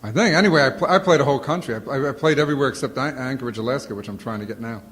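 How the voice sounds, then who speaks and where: A man telling comic stories to an audience in animated bursts, with a sore throat and a lozenge in his mouth. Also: mid-range voice, very fast, big-room sound. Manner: animated storytelling, acts out quotes. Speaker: comedian answering audience questions. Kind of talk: casual Q&A talk. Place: auditorium before a live audience.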